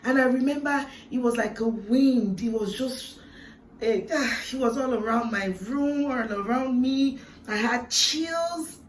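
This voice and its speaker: A woman sharing a heartfelt personal testimony in an earnest, reflective way, with swells of emotion and hushed moments. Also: a little high, unhurried, slight background noise. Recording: roomy, echoey sound from a distant mic.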